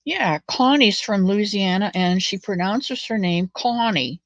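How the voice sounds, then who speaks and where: A woman hosting a knit-along, chatting in a rambling, folksy way with soft muttered asides while she knits. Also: mid-range voice, expressive, a little slow, no room sound, poor audio. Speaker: knitting channel host. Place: at home, knitting.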